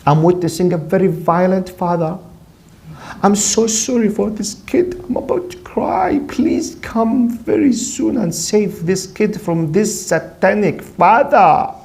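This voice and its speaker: A man's voice: sits high, lively intonation, measured pace, vocal fry, a little mellow, a little hiss or hum, pitched above the performer's own voice, full character voice. A man acting out an alarmed bystander who calls child services, pleading and tearful. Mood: tearful, urgent.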